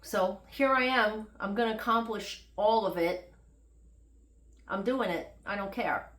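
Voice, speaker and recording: Middle-aged woman, casual vlogger, chatty and self-mocking, mid-pitched, echoey room. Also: a little slow, a bit bright. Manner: rambling, chatty, self-deprecating humor. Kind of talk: casual unedited health update vlog.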